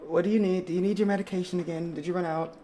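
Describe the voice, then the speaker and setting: A woman's voice: fairly low pitch, fairly even intonation, rapid-fire, warm tone, slight background noise, lightly acted. A woman voicing an exasperated middle-aged aunt who fires off flustered, scolding questions.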